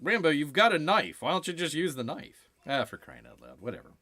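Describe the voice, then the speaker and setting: A man's voice: on the high side, huge pitch swings, a little fast, pushed and bright. A man hosting a casual movie watch-along, making wry, jokey remarks about the film. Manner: jokey, wry, often slips into silly voices. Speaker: streamer, host.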